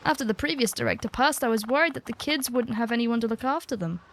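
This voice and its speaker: A woman voicing a friendly, gossipy neighbor woman in a video game, with a bright, lilting delivery. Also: fairly high pitch, fast, creaky, slight background noise. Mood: chatty. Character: chatty, friendly middle-aged neighbor woman.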